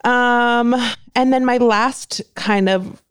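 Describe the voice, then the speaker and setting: A woman's voice: on the high side, steady tone, slow pace, smooth, dry recording, studio quality. A young woman from California, chatting casually and bubbly as a podcast co-host, laughing often. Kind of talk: casual chat.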